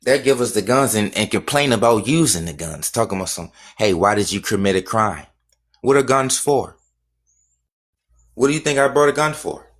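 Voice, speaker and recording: A man's voice: medium pitch, animated, moderate pace. A man hosting a livestream, talking in a casual, emphatic rant full of repetition and rhetorical questions. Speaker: livestream host.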